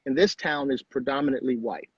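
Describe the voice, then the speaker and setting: A man's voice: mid-range voice, brisk, husky, no room sound, dull audio. A middle-aged man telling a personal story as a guest in a conversation, earnest and repeating phrases for emphasis.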